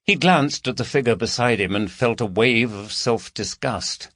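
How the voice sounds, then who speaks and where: A man narrating a crime mystery audiobook in a steady, expressive storytelling manner. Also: medium pitch, moderate pace, dry recording. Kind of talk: scripted narration.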